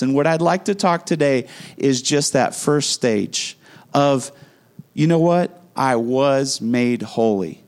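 A man delivering a sermon with a slightly higher-than-usual voice. He preaches earnestly, repeating key phrases and slowing down on each one for emphasis. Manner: earnest preaching with dramatic slowdowns and emphatic repetition. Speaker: pastor.

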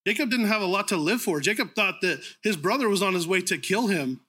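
A man preaches in a loose, conversational way, stumbling and restarting as he thinks aloud. His voice sits a little high for a man and has a bright, forward edge. Now and then he pauses to clear his throat. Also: animated. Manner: informal, conversational preaching with frequent ums and restarts. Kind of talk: sermon.

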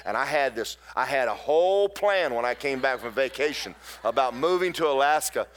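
A man's voice: medium pitch, lively intonation, moderate pace, a bit bright, slight background noise. A middle-aged man, a pastor preaching a sermon in folksy storytelling with emphatic bursts.

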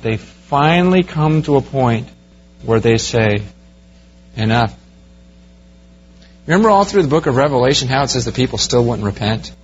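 A man preaching a sermon verse by verse, growing animated as he pictures the scene for his listeners. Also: mid-range voice, dull audio, a little hiss or hum. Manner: animated, rising to excited storytelling. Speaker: pastor.

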